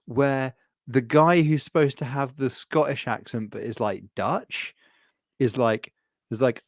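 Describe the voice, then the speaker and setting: A man chatting casually on a podcast, rambling through animated stories with lots of restarts. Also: medium pitch, a little slow, dry recording. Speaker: podcast co-host.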